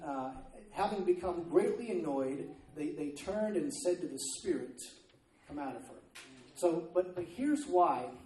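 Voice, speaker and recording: A man's voice: on the high side, warm tone, roomy sound, distant mic, a little hiss or hum, rough recording. A man preaching a sermon in a loose, conversational way, often stopping to check in with his listeners. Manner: conversational, repeats "okay?" to check in. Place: church.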